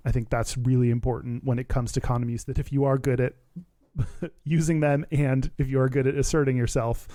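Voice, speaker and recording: A man's voice: mid-range voice, steady tone, a little fast, dark tone, dry recording. A man co-hosting a podcast in casual chat, explaining his points earnestly. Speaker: podcast co-host.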